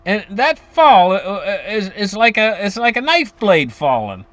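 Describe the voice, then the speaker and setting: A man with a high, lively voice that leaps up and down as he explains money matters straight to his viewers. He rambles, doubles back on his sentences and chuckles now and then. It sounds casual and unscripted. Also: unhurried. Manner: animated, rambling with restarts and chuckles. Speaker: finance commentator.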